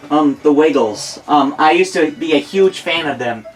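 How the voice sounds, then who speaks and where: A man's voice: a little high, big pitch swings, normal speed, hardly any pauses, slight background noise, poor audio. Rambling American gamer in his twenties. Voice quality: rambling, self-deprecating, many fillers. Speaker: let's play host. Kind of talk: casual gameplay commentary.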